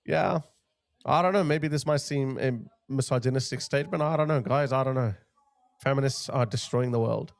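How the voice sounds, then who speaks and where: A man's voice: mid-range voice, moderate pace, vocal fry, dry recording. A man hosting a commentary video, ranting in a heated, scornful way and repeating short jabs. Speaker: commentary channel host.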